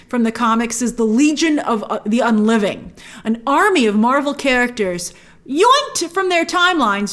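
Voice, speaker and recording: Film-review host, female, high and very lively, gushes and exclaims. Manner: excitable, gushing with sudden high exclamations. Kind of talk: casual film breakdown to camera.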